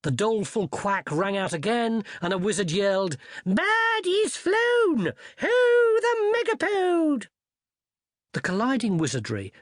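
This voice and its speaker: Animated storyteller reading a comic novel. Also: medium pitch, dry recording, clean studio sound. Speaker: audiobook narrator. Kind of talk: scripted narration of a comic fantasy novel.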